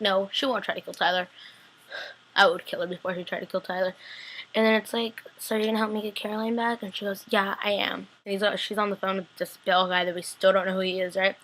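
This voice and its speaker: Young woman, casual excited recap, laptop webcam, lots of "like", bursts of squealing. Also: a little hiss or hum. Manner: chatty, full of "like" fillers, acts out scenes with sudden high-pitched squeals. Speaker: vlogger reviewing a TV episode.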